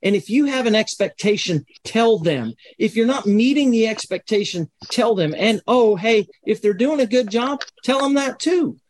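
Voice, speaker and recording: Direct man with a high voice. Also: animated, normal speed, hardly any pauses. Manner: direct, emphatic when making points. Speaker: panel guest, fire officer. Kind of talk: casual panel discussion.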